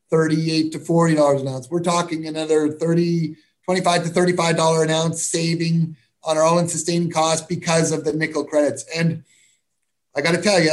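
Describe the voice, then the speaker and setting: Upbeat man, a mining executive. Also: fairly high pitch. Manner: animated, repetitive, emphatic. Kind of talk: enthusiastic interview answers.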